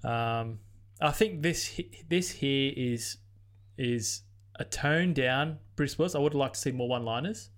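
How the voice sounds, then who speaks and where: A man's voice: medium pitch, a little slow. A man co-hosting a casual movie podcast, swearing and laughing as he chats. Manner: animated, swearing, laughs often. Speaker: podcast co-host. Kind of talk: casual movie review chat.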